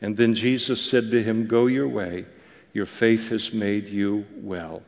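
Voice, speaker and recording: A man teaching a Bible passage in a conversational, animated way, often pausing on fillers and restarting his phrases. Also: on the low side, vocal fry, long reverb tail.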